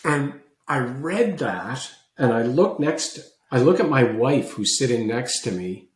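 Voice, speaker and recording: A man, a guest on a podcast, telling a personal story about gratitude with animated, lively swings in his voice. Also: a little slow, echoey room. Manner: animated storyteller, voice leaping high when recalling his own past disbelief.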